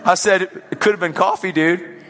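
A man preaching a sermon, telling a story with lively swings between loud and hushed. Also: high-pitched, moderate pace, long reverb tail, a faint crowd.

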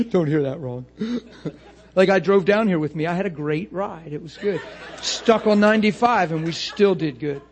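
A man preaching a lively sermon, laughing often and acting out little voices to make his points. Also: sits high, unhurried, some chatter behind.

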